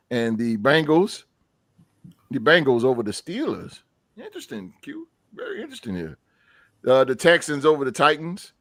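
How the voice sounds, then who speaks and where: A man hosting a casual sports podcast, animated and slangy, often breaking into laughter. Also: mid-range voice, dry recording. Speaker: podcast host.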